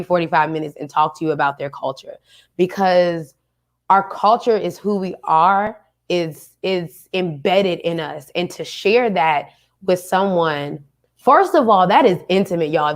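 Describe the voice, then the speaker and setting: Slangy, lively woman host. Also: on the low side. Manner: lively, slangy, talks straight to the audience. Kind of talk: casual talk to viewers.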